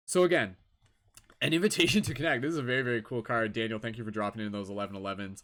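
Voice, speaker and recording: Dude doing a live tarot stream, chill but animated, mid-pitched voice, swears a lot, laughs a lot. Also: male voice, very fast. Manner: animated, laid-back, swears and laughs often. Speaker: tarot reader and livestream host. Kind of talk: casual livestream chat.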